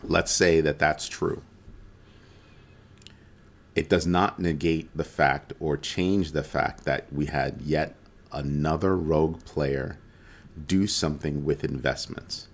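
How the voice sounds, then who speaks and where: A man's voice: extremely low pitch, steady tone, takes it slowly. A man hosting a casual weekly crypto roundup, talking loosely and conversationally with frequent ums and self-corrections. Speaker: crypto video host.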